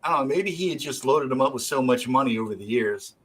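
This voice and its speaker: A man's voice: mid-range voice, fast talker, rough recording. A man hosting a drawing stream, telling a rambling story with casual swearing. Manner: rambling, profane, animated. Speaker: stream host.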